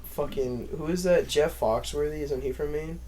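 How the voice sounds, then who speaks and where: A man's voice: on the high side, moderate pace, darkish tone, slight background noise, poor audio. A young man chatting casually as a podcast host, swearing freely and telling stories with a laugh. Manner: profane, storytelling, laughs often. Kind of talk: casual chat.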